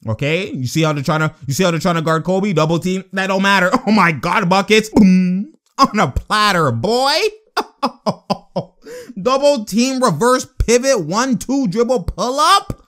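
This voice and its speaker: A young man giving excitable live reaction commentary on a basketball game, laughing often and throwing out slangy exclamations. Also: high voice, a little slow.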